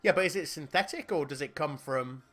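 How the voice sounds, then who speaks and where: A man's voice: fairly high pitch, brisk, fairly bright tone, soft background music. A man with a Northern Irish accent co-hosting a podcast, swearing and laughing through casual banter. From Northern Ireland. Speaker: podcast co-host.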